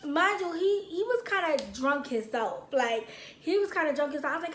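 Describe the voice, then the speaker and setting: A young woman tells a casual story straight to her viewers. Her voice sits high and jumps into both sides of the argument as she acts them out. The room around her rings with echo. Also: animated, brisk, a bit bright, slight background noise. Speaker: vlogger.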